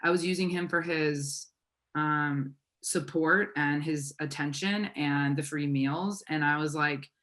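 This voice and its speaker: A woman life coach with a lowish, bright voice, speaking earnestly and with emphasis. She sounds motivational and sure of herself in a podcast conversation. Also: steady tone, measured pace. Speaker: guest, faith-based life coach.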